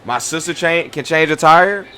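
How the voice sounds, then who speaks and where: A man in his twenties chatting on a livestream at home, loud and profane, trash-talking his chat. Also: a little high, normal speed, slight background noise. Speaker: streamer.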